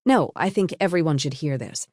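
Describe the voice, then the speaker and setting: A woman voicing a composed young woman who calmly confronts a betrayal, her tone cool and pointed. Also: low voice, a little fast, no room sound, clean studio sound. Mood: cold. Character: calm, cutting young woman exposing a cheater.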